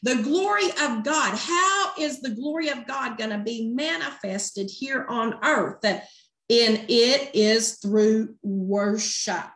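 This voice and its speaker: A woman's voice: high voice, animated, unhurried, few pauses, bright, forceful tone, roomy sound. A woman prophetess preaching a sermon, emphatic and drawn out, breaking into joyful exclamations.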